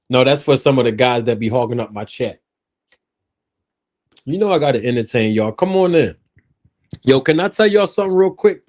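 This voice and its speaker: A man's voice: medium pitch, normal speed, pauses often. A man hosting a live stream, joking and talking straight to his viewers into his own microphone. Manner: animated, joking, talks straight to his chat. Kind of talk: casual live stream chat.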